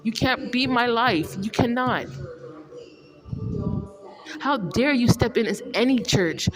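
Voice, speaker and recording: A woman's voice: fairly high pitch, animated, slow pace, over music. A woman delivering an indignant, repetitive, confrontational monologue as a vlogger. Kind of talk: rambling monologue to camera.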